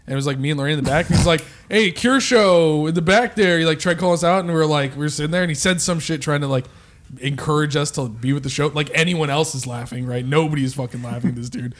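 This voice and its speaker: A man's voice: on the high side, fairly even intonation, rapid-fire. A young man co-hosting a podcast, telling stories in laid-back, slangy casual chat. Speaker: podcast co-host.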